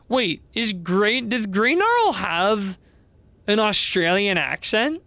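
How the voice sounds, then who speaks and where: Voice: mid-range voice, sing-song, slow, gravelly, pushed and bright, no room sound. A streamer casually chatting and thinking aloud while playing a game live. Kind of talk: live game playthrough chat.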